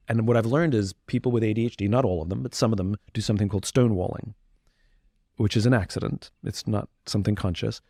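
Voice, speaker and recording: A man's voice: fairly low pitch, dark tone, no room sound. Middle-aged man, candid podcast guest, thinking aloud with many restarts; dry close mic. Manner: reflective, candid, frequent restarts and fillers. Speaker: interview guest. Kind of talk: candid conversational interview.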